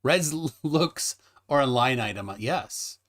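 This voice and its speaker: A man hosting a casual live stream, joking and rambling with lively, laughing delivery. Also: medium pitch, a little slow. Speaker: livestream host. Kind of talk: casual livestream chat.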